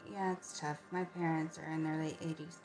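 A woman in her fifties hosting a casual late-night livestream from home, chatty and answering viewer comments with soft asides. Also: sits low, level tone, a little fast, music in the background. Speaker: livestream host.

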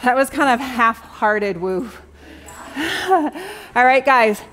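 A young adult woman leads a Pilates class at an unhurried pace, counting down reps and calling out cues. She sounds a little winded but stays upbeat, with bursts of cheering between sets. Her voice sits high. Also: very animated, fairly bright tone. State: slightly out of breath. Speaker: Pilates instructor. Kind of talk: fitness class cueing.

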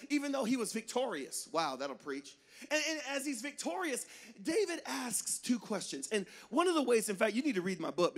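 A man preaching as a guest speaker, telling a lively story and swinging between loud shouts and hushed lines. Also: sits high. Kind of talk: sermon with storytelling.

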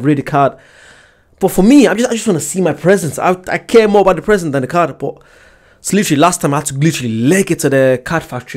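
A man's voice: medium pitch, darkish tone. A young man hosting a reaction video, chatting casually and rambling through a personal story with restarts. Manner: chatty, rambling, self-correcting.

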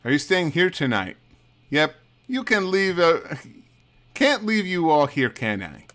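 A man's voice: fairly high pitch, big pitch swings, unhurried, a bit bright. A man casually commenting while he plays a co-op video game with a friend, chatty and cursing now and then. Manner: chatty, swears, reads on-screen dialogue aloud with laughs. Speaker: streamer playing a co-op game.

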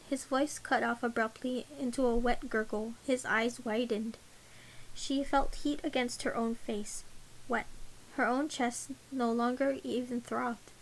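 A woman reading an audiobook in a measured, unhurried way. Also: fairly high pitch, fairly even intonation, slight background noise, low-quality recording. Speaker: audiobook narrator. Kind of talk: audiobook narration.

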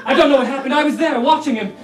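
A man's voice: extremely high pitch, very fast. An actor on a live stage playing a grief-stricken, talkative male mime who tells his story in a theatrical, overwrought way. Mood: melodramatic. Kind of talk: live sketch comedy performance. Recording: echoey live stage audio from far off, loud music and audience laughter.

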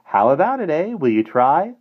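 A man voicing a small, soft-spoken, persuasive older man who talks in a purring, coaxing way. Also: normal speed, husky, dull audio. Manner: purring, coaxing, high and animated.

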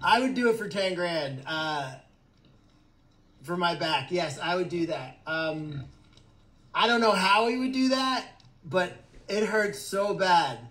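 A man's voice: high voice, expressive, takes it slowly, pauses often, fairly bright tone. A man hosting a casual livestream from an animal sanctuary, answering viewer comments in a joking, rambling way with stammered restarts.

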